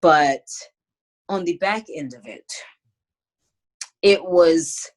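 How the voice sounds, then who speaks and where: A woman, a singer and songwriter, answering interview questions over a video call in a thoughtful, relaxed way with many "um"s. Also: on the low side, extremely slow. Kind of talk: casual interview chat.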